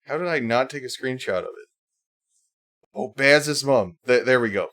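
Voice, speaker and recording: In a casual livestream, the male host sarcastically reads posts aloud and mocks them in put-on whiny voices, rambling along with lots of fillers and restarts. His voice is medium-pitched and fairly bright, at normal speed.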